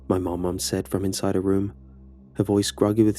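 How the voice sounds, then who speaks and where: A man's voice: low-pitched, flat delivery, moderate pace, warm tone, faint music behind. A man narrating a horror story in a casual, conversational way.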